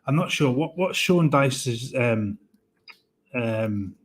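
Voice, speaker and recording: A man co-hosting a football fan show, giving measured analysis of players with frequent hesitant restarts. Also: mid-range voice, expressive, a little hiss or hum.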